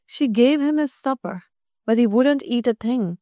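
A woman reading a storybook aloud in a gentle, measured way. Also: fairly high pitch, no echo, studio quality.

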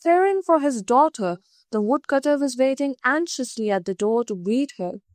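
A woman narrating a folk tale in a measured, expressive storybook reading. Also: sits high, no room sound, clean studio sound.

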